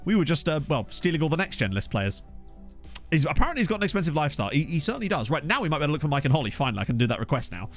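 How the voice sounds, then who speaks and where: Male gaming commentator with a lively, swooping delivery, chatty and self-mocking, soft music underneath. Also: a little high, racing. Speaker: gaming YouTuber. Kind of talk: casual let's-play commentary. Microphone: USB desk microphone.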